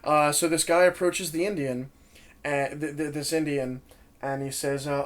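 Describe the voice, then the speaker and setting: A man's voice: fairly high pitch, steady tone, normal speed. A young man co-hosting a casual podcast, rambling and stumbling as he retells a joke, running on little sleep and lots of espresso. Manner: rambling, laughing, stumbling over a retold joke. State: sleep-deprived, wired on espresso. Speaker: podcast co-host. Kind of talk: casual chat.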